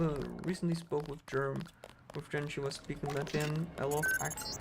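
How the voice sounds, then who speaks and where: A man's voice: a little high, little pitch movement, fairly quick, creaky, noisy background. A man with a German accent, chatting casually to his audience in a rambling way while he livestreams a game. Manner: rambling, chatty, frequent "like" fillers. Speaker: speedrunner streamer. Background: game music.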